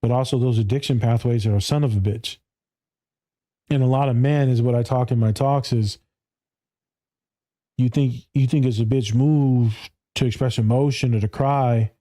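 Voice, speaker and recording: A male therapist talking on a podcast in a blunt, profane way. He laughs often and mimics his clients in higher voices. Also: fairly even intonation, normal speed, dark tone. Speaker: therapist and speaker. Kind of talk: casual podcast conversation.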